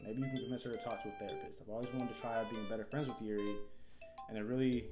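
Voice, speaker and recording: A man's voice: lowish voice, reverberant, natural voice. A man reading out the lines of a blunt, prickly teenage girl from the club, plainly and matter-of-factly. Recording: game music behind.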